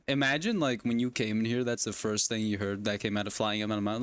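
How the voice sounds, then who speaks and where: A man's voice: on the low side, fairly even intonation, quick pace, hardly any pauses, smooth, no echo. Young man joking over a game stream. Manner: joking, rambling, talks to himself and the game. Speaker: gaming streamer. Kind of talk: casual livestream commentary.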